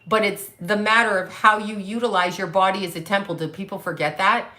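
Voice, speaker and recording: Speaking a little fast in a mid-range, steady, bright and forceful voice, this psychic medium livestream host is a woman in her late fifties. She chats casually, reading comments aloud and firing back at viewers in a blunt, heavily profane way.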